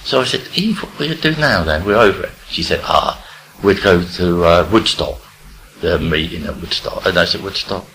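An older man from England, telling his life story in a rambling, halting way with many restarts. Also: low-pitched, gravelly, a bit bright, slight background noise, poor audio. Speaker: recovery speaker sharing his story. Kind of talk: personal storytelling.

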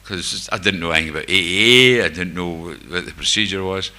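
An older man speaking with a Glasgow-area accent, from near Glasgow in Scotland, shares personal testimony with a group about his recovery, candid and wryly self-mocking. His low voice is pushed and bright and runs a little fast.

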